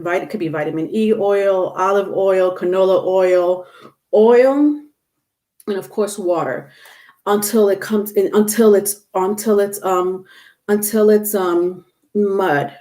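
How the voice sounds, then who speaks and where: A woman's voice: mid-range voice, warm tone. A woman giving a casual tarot reading to her viewers, chatty and instructive, with many fillers and restarts. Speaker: tarot reader.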